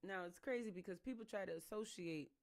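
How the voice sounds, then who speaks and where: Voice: medium pitch, a little fast. Reader with heated casual asides. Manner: calm reading that breaks into heated, emphatic asides; casual slangy speech in the asides. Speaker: book reader and commentator. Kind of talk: reading a book aloud with spoken commentary.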